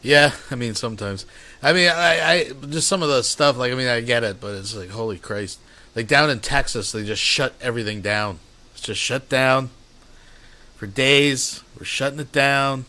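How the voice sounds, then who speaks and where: A man's voice: medium pitch, moderate pace, pushed and bright. A man hosting a stream, commenting casually with rambling, profane remarks to his viewers. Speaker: streamer host.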